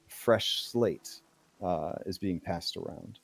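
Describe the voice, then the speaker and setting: A man voicing a stern older male official who sighs and speaks in a measured, persuasive way. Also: sits low, creaky, slight background noise, voice pushed down, exaggerated voice.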